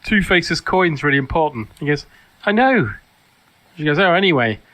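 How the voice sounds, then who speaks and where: A podcast co-host chatting casually about a film. His voice is bright and his pitch swings a lot as he recaps scenes dryly. The tone is relaxed and comic. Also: fairly quick. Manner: deadpan recapping with mock quotes. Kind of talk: casual comedic film commentary.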